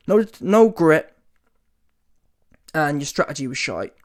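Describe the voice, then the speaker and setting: A man with a slightly high voice speaks slowly, pausing often, while ranting in reaction to a boxing match. Emphatic and animated, he often mocks, uses casual street slang, swears and rises to mocking shouts.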